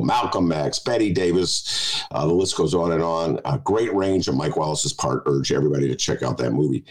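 A man's voice: sits low, low-quality recording. A man hosting a casual talk show from home, wry and rambling in his chat. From United States. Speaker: host.

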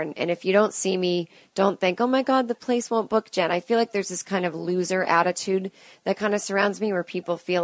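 A woman's voice: fairly low pitch, no echo. A woman in her late thirties hosting a solo podcast, rambling and self-deprecating with chatty asides, talking alone at home into a close mic. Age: late 30s. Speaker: podcast host and comedian. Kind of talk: solo stream-of-consciousness podcast. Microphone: close studio mic.

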